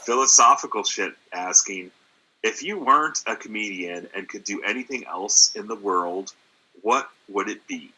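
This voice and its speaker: A man's voice: lowish voice, normal speed, pushed and bright, low-quality recording. A man who is a guest comedian, chatting casually in an easygoing, rambling way. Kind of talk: casual chat.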